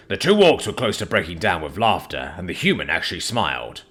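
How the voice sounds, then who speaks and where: A man's voice: deep voice, very animated, a little fast, few pauses, a bit bright, husky. A man narrating a fantasy story in the first person as an orc chief.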